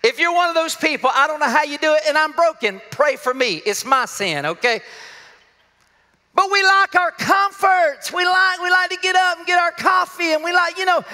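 A middle-aged pastor preaching a sermon, joking and laughing often with self-deprecating asides. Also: male voice, very high-pitched, bright, forceful tone, big-room sound. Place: church sanctuary.

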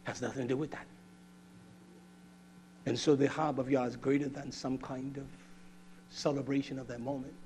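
An older man preaching a sermon, scolding and fiery, swinging from low mutters to loud outbursts. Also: a little hiss or hum.

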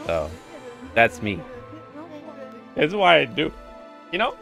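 A man's voice: on the high side, wildly swooping pitch, slow pace, creaky, long pauses, a bit bright, soft background music. A man casually commenting on his live playthrough of a video game, rambling and chatty, often reading the game's lines aloud. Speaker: gaming streamer.

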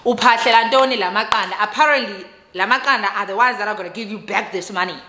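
A woman with a South African accent telling a personal story in a casual vlog, expressive and mixing English with Xhosa. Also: mid-range voice, fast talker, echoey room. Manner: expressive, switches between English and Xhosa, laughs at herself.

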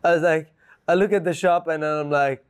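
A man, a podcast guest, telling a story in a casual, animated and rambling way, laughing often and filling with "like" and "you know". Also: fairly high pitch, brisk, clear, resonant tone.

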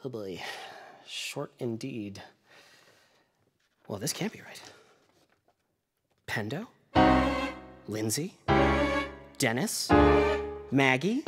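A young man hosts a kids' camp sing-along, his voice bouncing lively up and down as he jokes with the viewer. Loud music plays behind him the whole time. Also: mid-range voice, measured pace, pauses often. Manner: playful, jokey asides to the viewer. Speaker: camp staffer leading a virtual sing-song. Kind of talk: playful hosting for children.

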